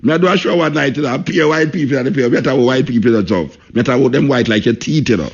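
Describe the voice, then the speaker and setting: A man's voice: mid-range voice, very fast, hardly any pauses, breathy edge. Jamaican guy on a radio talk show, keeps saying you know, hammering his point, kinda muffled lo-fi sound. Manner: emphatic, repeats himself, peppers speech with "you know".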